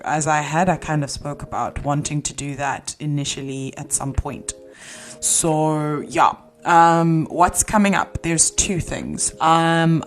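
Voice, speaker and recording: A young woman hosting her own podcast, chatting casually and rambling with self-interruptions. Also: low voice. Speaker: podcast host. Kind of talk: casual solo podcast chat.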